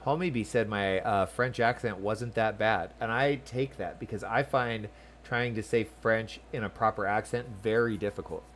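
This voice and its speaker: A man casually commentating his game session, chatty and excitable, often reading the on-screen text aloud. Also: lowish voice, normal speed, a little hiss or hum. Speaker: game streamer. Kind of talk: let's-play commentary.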